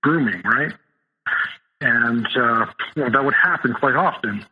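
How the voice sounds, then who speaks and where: Middle-aged male guest recounting his past, halting with constant restarts, heard over a tinny phone line. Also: mid-range voice. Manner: halting, full of restarts and fillers. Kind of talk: telling a personal story in an interview.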